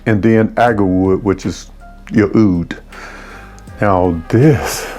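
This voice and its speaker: A man's voice: fairly low pitch, warm tone. A man casually reviewing fragrances, effusive and savoring each note with exclamations.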